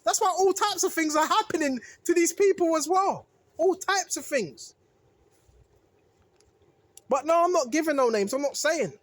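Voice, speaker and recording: A very high-pitched, expressive voice at normal speed, with long pauses and no echo, carries a religious video maker's casual preaching. They repeat phrases for emphasis, restart and correct their sentences, and often ask viewers "right?"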